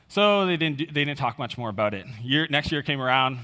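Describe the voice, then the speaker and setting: A man's voice: medium pitch, animated, fairly quick, few pauses, sharp tone. A man giving a conference keynote, telling a personal story in a conversational way, with fillers and quoted dialogue. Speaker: conference speaker. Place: conference stage in a large hall. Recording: reverberant hall.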